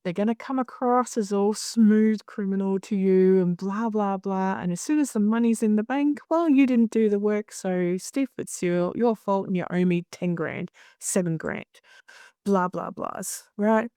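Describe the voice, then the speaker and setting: A woman's voice: mid-range voice, measured pace, mellow, clean tone, no echo, clean studio sound. A middle-aged woman in a candid interview, who talks bluntly, swears freely and acts out other people's lines. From Australia. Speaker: hypnosis conference director.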